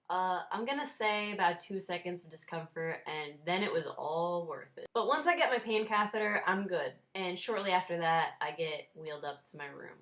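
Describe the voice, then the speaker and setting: A woman's voice: on the low side, a bit bright. A woman in her twenties telling a story in a casual vlog, wry and self-deprecating, laughing now and then as she talks. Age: 20s. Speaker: vlogger.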